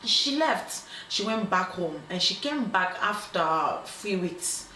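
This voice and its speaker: Hosting in a relaxed way, a woman tells a story about a dilemma, performing the quoted lines with lively energy and often pausing on "um" before restarting. She speaks slowly at a medium pitch. There's a roomy echo on the recording and a faint hum of background noise.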